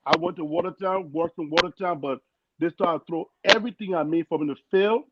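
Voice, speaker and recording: A young man with a foreign accent tells his story on a podcast call, and his fairly high voice has an earnest, lively drive. The sound is dull and lo-fi, with loud noise underneath. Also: brisk. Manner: earnest, animated storyteller acting out quoted people. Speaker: guest. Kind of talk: casual storytelling.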